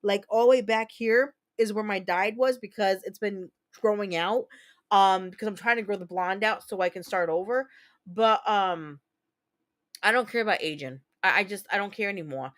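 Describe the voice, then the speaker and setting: This thirtysomething livestream host chats casually at medium pitch and moderate speed, her tone fairly bright. Candid and profane, she shares stories and replies to comments from viewers.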